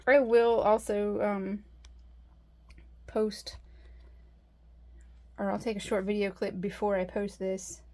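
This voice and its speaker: Slow and flat, with frequent pauses, a woman speaks in a slightly mellow, medium-pitched voice over poor audio. She's chatting casually from her home workspace as she works on resin, thinking aloud and breaking off mid-sentence a lot.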